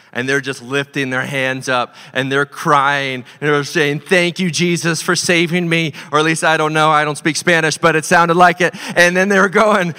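Animated pastor preaching in a reverberant hall. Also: male voice, fairly high pitch, smooth. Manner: animated, swings from loud to hushed. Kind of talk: storytelling sermon.

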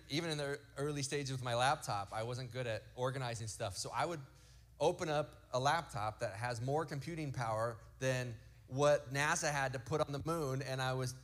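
A bit bright and medium in pitch, this thirty-something pastor's voice carries a sermon of family tales. He acts out what the kids said and emphasizes his points through slow, deliberate lists.

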